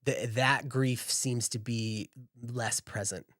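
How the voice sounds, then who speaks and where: Brief: male game master, mid-pitched, descriptive, lots of fillers, dry sound. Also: steady tone, slow pace, a bit bright, no echo. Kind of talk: narrating a tabletop game.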